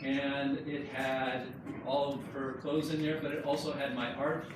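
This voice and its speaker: A man's voice: medium pitch, little pitch movement, unhurried. A man giving an informal slideshow talk about his book to friends and family, telling the story in a chatty, joking way. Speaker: book co-author presenting his book. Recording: echoey room, distant mic, background noise.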